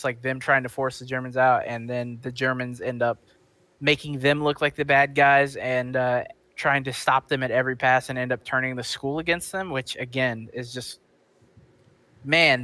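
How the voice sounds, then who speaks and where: Man, co-host, casual discussion, rambling, bright tense tone, dry close mic. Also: medium pitch, dry recording. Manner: loose, rambling, many fillers. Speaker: podcast co-host.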